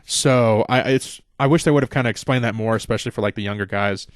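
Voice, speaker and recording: A man's voice: on the low side, fast, dry recording, studio quality. A man hosting a podcast, recapping a show in a casual, rambling way with lots of swearing and fillers. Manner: rambling, profane, many fillers. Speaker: podcast host.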